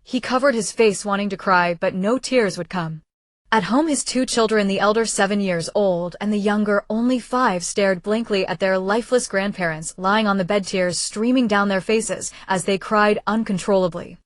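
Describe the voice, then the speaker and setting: Woman with an even storybook narration. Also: medium pitch, moderate pace, no echo. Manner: even, steady reading of a translated web novel, with slips in pronouns. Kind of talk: scripted audiobook narration.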